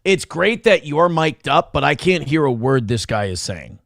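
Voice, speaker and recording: A man's voice: a little high, sing-song, normal speed, vocal fry, fairly bright tone, slight background noise. A man hosting a show, giving blunt, profane, sarcastic commentary over a video clip. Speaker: show host.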